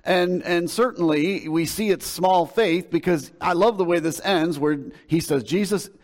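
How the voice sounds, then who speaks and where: This is a male pastor with a voice on the high side, speaking at a measured pace. He delivers a sermon in a conversational preaching manner, retelling a scripture story with emphasis, and the recording carries a long hall reverb.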